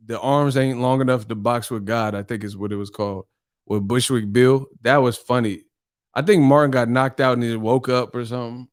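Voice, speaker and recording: A male channel host in a casual live-stream chat, telling stories animatedly and laughing often. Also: medium pitch.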